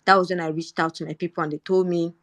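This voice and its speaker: A woman's voice: on the low side, little pitch movement, fast, a bit bright. A young Nigerian woman with a Nigerian accent, telling a personal story in earnest in a live audio chat. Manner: earnest storytelling, rising indignation when quoting herself. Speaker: Twitter Space speaker.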